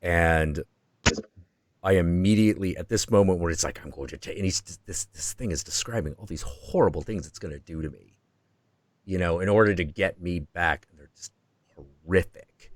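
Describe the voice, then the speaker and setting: A man hosting a stream who tells a story in a profane, excitable way and acts out the quotes. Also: sits low, normal speed, no echo. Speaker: host.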